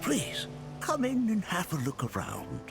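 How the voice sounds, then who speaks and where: An actor voicing a wise, chuckling old male sage in a video game, speaking in a slow, kindly, grandfatherly way over game music. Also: high-pitched, huge pitch swings, full character voice. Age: older. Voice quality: gravelly, chuckling. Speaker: elderly scholar character in a video game.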